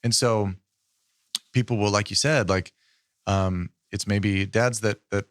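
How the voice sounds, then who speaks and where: A man co-hosting a podcast, explaining how memory works in a relaxed, halting way with fillers. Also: lowish voice, no echo, clean studio sound. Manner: explanatory, with many fillers and restarts. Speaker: podcast co-host. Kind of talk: casual podcast chat.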